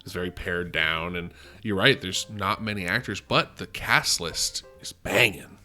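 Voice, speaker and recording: A man's voice: deep voice, unhurried, sharp tone, faint music behind. A man co-hosting a movie podcast, talking emphatically in casual chat, swearing and laughing often. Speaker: podcast co-host. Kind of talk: casual film discussion.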